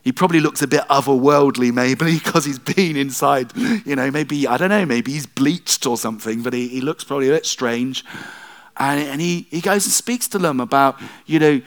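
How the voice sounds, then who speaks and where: Animated, wry male preacher. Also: mid-range voice, moderate pace. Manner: conversational storytelling with wry asides. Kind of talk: sermon.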